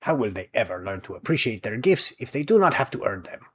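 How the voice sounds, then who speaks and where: A man's voice: medium pitch, sing-song, fast, fairly bright tone, slightly rough. A man voicing a formal, playful noble lord with mock indignation. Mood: mock-indignant. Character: teasing aristocratic older male lord.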